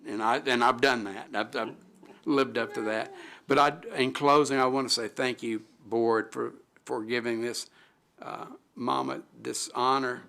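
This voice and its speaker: A middle-aged man, a city alderman, giving an emotional tribute at a council meeting, speaking haltingly with many restarts and pauses into a desk microphone. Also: mid-range voice, steady tone, creaky, pushed and bright.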